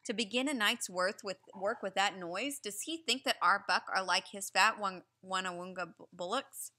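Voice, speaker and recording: A woman reading aloud as a proud male wolf, a father, who speaks indignantly and forcefully. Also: mid-range voice, normal speed, natural voice. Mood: scornful.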